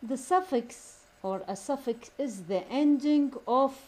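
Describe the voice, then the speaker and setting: Very slow-paced teacher, repeating words. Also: female voice, sits high, lively intonation, darkish tone, low-quality recording. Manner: slow, repeats each word several times; switches to Arabic to explain terms. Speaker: English teacher. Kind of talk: recorded classroom lesson.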